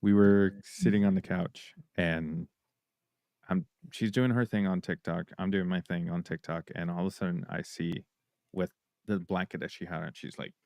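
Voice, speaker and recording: A man's voice: low-pitched, fairly even intonation, normal speed, creaky, darkish tone, no echo, studio quality. A man co-hosting a podcast, telling stories in a playful, teasing way. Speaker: podcast co-host. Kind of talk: casual podcast chat.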